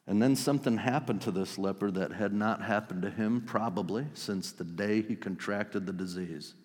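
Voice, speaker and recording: A man preaching a sermon, telling the story vividly and swinging between loud outbursts and hushed lines. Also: lowish voice, moderate pace, breathy edge, long reverb tail. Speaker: pastor.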